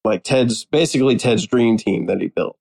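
A man chatting casually as a panelist, animated and amused as he retells favorite scenes. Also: mid-range voice, normal speed, creaky, poor audio. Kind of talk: casual chat.

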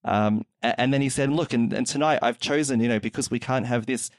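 A man's voice: mid-range voice, fairly quick, no echo, clean studio sound. A man hosting a casual chat podcast, chatty and full of fillers, retelling events. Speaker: podcast host.

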